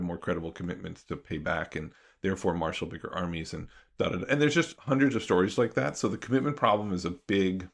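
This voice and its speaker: A man's voice: sits low, gravelly, breathy edge. A man, a guest economist and professor, explaining his ideas in a thoughtful, conversational podcast interview.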